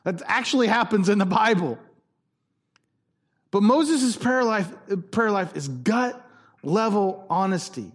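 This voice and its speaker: A man's voice: sits high, expressive, measured pace, pauses often, husky. A man preaching a sermon as pastor, conversational and jokey with emphatic stresses.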